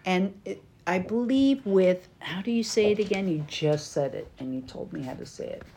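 A woman's voice: medium pitch, normal speed, mellow, slight background noise. A woman hosting a casual podcast, chatty and laughing, explaining with playful examples. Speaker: podcast host. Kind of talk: casual chat.

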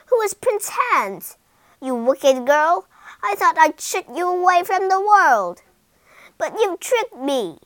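A woman voicing a sly, wicked old witch who shouts and cackles in a storybook reading. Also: medium pitch, sing-song, unhurried, no echo, voice pushed down. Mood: furious.

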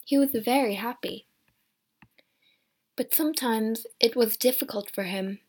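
A woman reading a story aloud as scripted narration, slow and measured. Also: fairly high pitch, darkish tone. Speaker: audiobook reader.

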